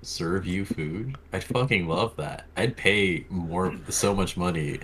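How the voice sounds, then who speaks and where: Deep-voiced young man joking around. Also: slow, a bit bright, a little hiss or hum. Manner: laid-back, joking, swears casually. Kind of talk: casual chat.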